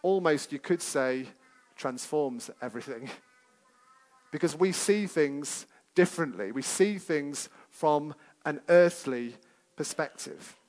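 A man with a notably high voice preaches to a congregation in a church. He keeps it conversational and chatty, often asking his listeners questions as he goes. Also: takes it slowly, darkish tone. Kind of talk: sermon.

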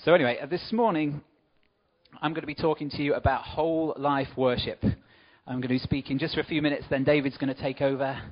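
A man's voice: a little high, steady tone, fast talker, lo-fi sound. A man giving an informal church talk, chatting with asides to the congregation. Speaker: church speaker.

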